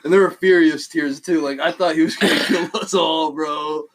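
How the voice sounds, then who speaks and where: A man with a high voice tells a story on a casual podcast. He is animated and quick to laugh, with plenty of swearing, and swings up high when the story gets wild. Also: a little hiss or hum, rough recording. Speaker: podcast co-host.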